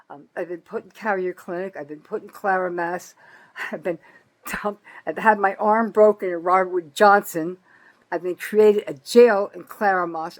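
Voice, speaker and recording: Angry older New woman ranting. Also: low-quality recording. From North Jersey, USA. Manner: bitter, profane, swings from loud outbursts to low muttering. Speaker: vlogger. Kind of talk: angry political rant to camera.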